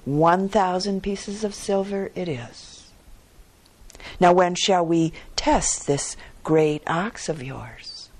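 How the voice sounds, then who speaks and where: A woman's voice: on the low side, slow, a little mellow. A woman doing a smug scoffing rich merchant. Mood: scoffing, confident. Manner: scoffing, lecturing. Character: wealthy smug male merchant, dismissive and sure of himself.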